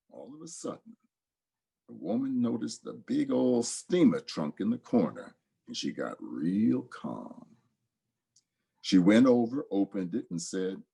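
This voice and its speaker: Expressive man reading folk tales aloud. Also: fairly low pitch, measured pace, creaky, breathy edge. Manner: dramatic, expressive storytelling. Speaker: storyteller.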